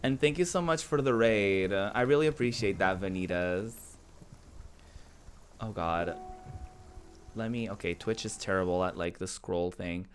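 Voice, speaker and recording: A man's voice: low voice, a little slow, long pauses, slight background noise. A man streaming a game, chatting casually with his viewers, giggling often and answering chat aloud. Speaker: Twitch streamer.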